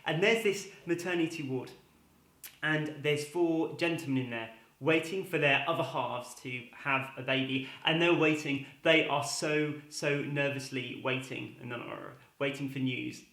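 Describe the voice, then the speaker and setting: A man hosting a comedy show, telling jokes in a chatty, lively way. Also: medium pitch, unhurried. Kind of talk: joke telling to camera. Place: home room. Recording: roomy echo.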